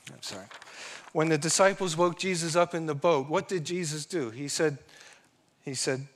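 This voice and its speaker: Earnest man preaching, fairly high voice. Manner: earnest, slows down to sing and quote scripture. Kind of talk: sermon.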